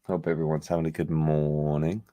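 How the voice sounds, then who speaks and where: Deep-voiced laid-back male co-host. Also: flat delivery, moderate pace, mellow, no echo. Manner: laid-back, laughs easily, short jokey replies. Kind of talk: casual live-stream chat.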